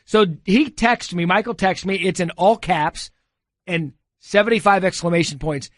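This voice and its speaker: A man co-hosting a casual podcast in a studio, telling stories with animated energy and frequent laughter. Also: high-pitched, normal speed, no room sound. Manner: animated storyteller, laughs often. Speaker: podcast co-host.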